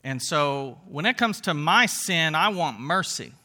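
Pastor, male; high voice with a very sharp, tense edge; conversational sermon, lots of rhetorical questions. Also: animated, a little slow.

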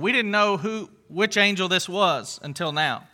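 High, very bright-voiced male Bible teacher. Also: measured pace, hardly any pauses. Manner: earnest, with frequent fillers and restarts, emphatic exclamations.

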